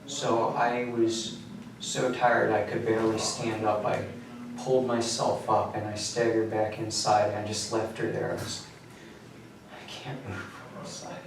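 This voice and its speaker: Flat-voiced young man in an echoey room. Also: lowish voice. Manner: flat, matter-of-fact, unhurried. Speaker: prison inmate interviewee. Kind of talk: recounting events in a sit-down interview. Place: prison interview room. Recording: very echoey room, distant mic, faint hum.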